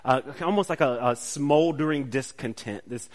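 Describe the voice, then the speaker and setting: A man's voice: medium pitch, normal speed. A man preaching a sermon in a conversational way, often asking "right?" and restarting phrases. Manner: casual, checks in with listeners by asking "right?"; restarts phrases, shifts from soft to emphatic.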